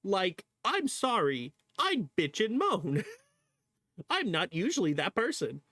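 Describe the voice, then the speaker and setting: A man's voice: sits high, huge pitch swings, takes it slowly, bright, forceful tone, no room sound. A male streamer chatting casually to viewers while reacting to a video, laughing often, swearing freely and exclaiming at what he sees. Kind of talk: casual livestream reaction chat.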